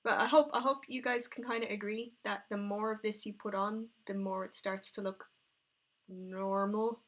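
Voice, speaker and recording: A miniature painter streams her work, chatting casually as she paints. She's chatty, excitable, and rambling, often talking to herself, in a medium-pitched voice at a moderate pace.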